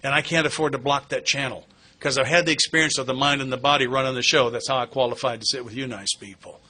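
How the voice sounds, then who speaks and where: A middle-aged man tells his own story to a recovery meeting, earnest and plain-spoken, with flashes of wry humor. His voice is strikingly bright and forceful. He speaks at an even, ordinary pitch. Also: fast. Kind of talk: candid personal testimony talk. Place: meeting hall.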